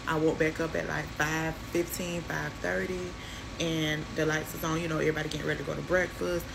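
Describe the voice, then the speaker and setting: A woman casually retelling a personal story in an animated way, acting out other people's lines. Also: low voice, vocal fry, noisy background. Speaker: storytime vlogger.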